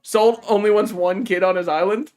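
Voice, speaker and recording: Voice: mid-range voice, steady tone, normal speed, a little mellow, faint music behind. A streamer giving casual gaming commentary, joking, swearing freely and talking back to chat and the game's characters. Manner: talks to chat and game characters.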